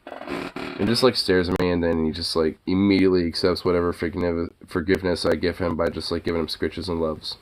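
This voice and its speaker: A man's voice: on the low side, a little fast, a little mellow. A man streaming casually, cooing baby talk at his dog and chatting with viewers, swearing freely. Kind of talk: casual chat.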